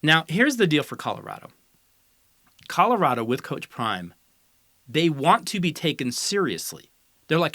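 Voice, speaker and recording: Lively, bright-voiced sarcastic sports host. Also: medium pitch, moderate pace, pauses often, no room sound, clean studio sound. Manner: sarcastic, teasing, lecturing tone. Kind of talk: opinionated college football commentary.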